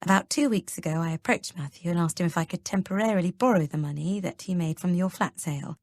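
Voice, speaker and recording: A woman voicing a measured older mother-in-law. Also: fairly low pitch, darkish tone, no echo, clean studio sound. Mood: composed. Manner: measured, deliberate explaining. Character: composed older mother-in-law, self-assured. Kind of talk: audiobook character reading.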